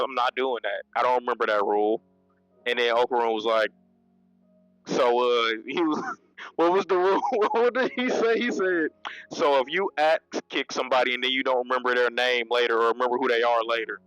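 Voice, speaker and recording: Casual male reviewer, mid-pitched, dry close sound with faint music under him, slangy and quick to laugh. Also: fairly bright tone, no echo, poor audio. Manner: loose and conversational, laughs often, many restarts and slang. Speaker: manga reviewer. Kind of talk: casual spoken review, retelling scenes.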